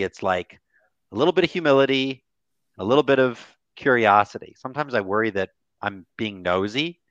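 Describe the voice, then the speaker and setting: A man speaking as a grief therapist guest in a candid podcast conversation, animated and swearing casually, acting out the voices he quotes. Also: lowish voice, no room sound, highs cut off.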